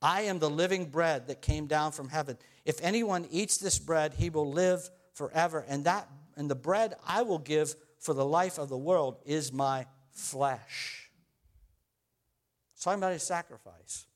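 A man's voice: a little high, unhurried. A man preaching a sermon, reading scripture aloud and stressing key phrases again and again. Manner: emphatic, repeating key phrases.

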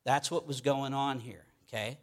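A middle-aged pastor from Pittsburgh, with the local accent, preaches a sermon in a conversational way and keeps checking in with "okay?". His voice is mid-range, with fairly even intonation and a moderate pace.

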